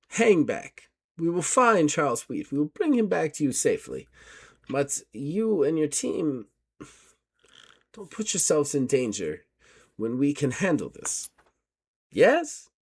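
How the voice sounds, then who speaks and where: Man playing a stiff, condescending gentleman investigator. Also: a little high, slightly rough, full character voice. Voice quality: formal, clipped, condescending.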